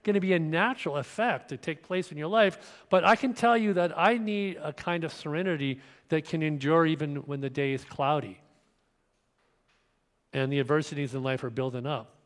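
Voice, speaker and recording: Recorded amid the long reverb of a church hall, a pastor with a fairly high voice delivers his sermon at a normal pace. He's getting over a cold and coughs occasionally, keeping the tone conversational with restarts and questions put to the congregation.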